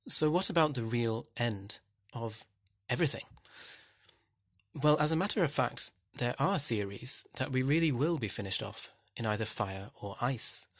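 A man with a slightly husky voice talks through a poem like a teacher, wry and conversational, often turning questions back to the listener. His voice is recorded close and dry, with no room around it. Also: medium pitch, a bit bright, no echo. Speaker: literature teacher. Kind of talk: explanatory lesson narration.

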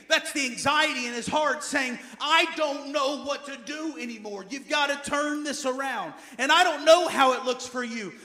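Preaching at a normal speed in a very high voice, a male pastor drives his sermon home emphatically. Key phrases come back again and again as he moves from forceful exhortation to quiet asides.

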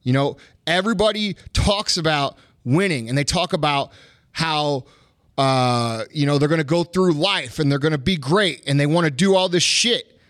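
A middle-aged man from the United States rants into a podcast mic, swearing freely and hammering his points with repetition. His voice sits high for a man and comes through dry and close, with no room around it. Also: normal speed, a bit bright, no room sound. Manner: profane, emphatic, punchy repetition. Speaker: podcast host. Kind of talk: fired-up motivational rant.

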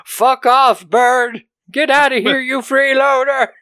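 A podcast host putting on a cranky retired old man who keeps ranting at everything around him. The voice is pushed up high and loud with exasperation. The sound is dry and close. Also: level tone, slow pace, dry recording, exaggerated voice. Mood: furious. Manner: shouty, exasperated.

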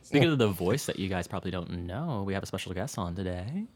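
A man's voice: sits low, lively intonation, fast. A man co-hosting a casual podcast chat, rambling and tripping over his words. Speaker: podcast co-host, audio engineer.

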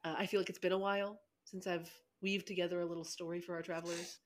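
A playful woman co-hosting a casual podcast. She giggles often and swears freely, with a voice pitched a bit low. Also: little pitch movement, fast talker. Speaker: podcast co-host.

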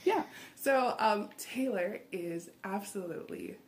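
A podcast host chats casually and giggles a lot, at times stretching words out in a sing-song way, as in her drawn-out intro. Her mid-range voice has lively intonation.

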